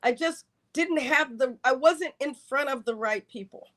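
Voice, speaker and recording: A retired Air Force colonel with a high voice, speaking a little slowly, shares a long career tale on a podcast. She's a vivid storyteller, performing the voices and quoted words of the people in her story.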